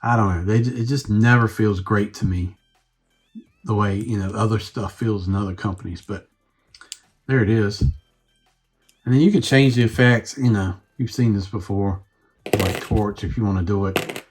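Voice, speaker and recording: A man's voice: on the low side, a little slow, long pauses, slightly rough, soft background music. A man reviewing a toy on his own channel, rambling and thinking aloud as he fiddles with the figure. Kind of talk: casual unscripted review.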